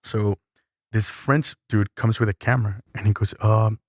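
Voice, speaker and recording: A man's voice: on the low side, normal speed, no room sound, studio quality. A man who is a tattoo artist, talking casually and animatedly in slang as he tells a story in an interview. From El Salvador. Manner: slangy, animated, acts out voices in quotes.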